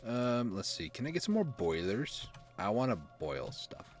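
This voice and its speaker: Man, gaming commentary, casual rambling, self-mocking, chuckly, lively pitch swings. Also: a little slow, faint music behind. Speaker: gaming YouTuber.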